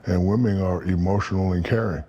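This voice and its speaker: A man in his fifties tells stories as a podcast guest, with a low, dark, husky voice. He is profane and animated, and he acts out the people he quotes. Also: fairly quick, highs cut off. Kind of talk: storytelling in casual interview.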